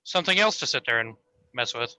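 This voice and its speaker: A man playing in a tabletop role-playing game, chatting eagerly with quick questions. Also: mid-range voice, expressive, pushed and bright, smooth, no echo. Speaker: player. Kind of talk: casual chat at a game table.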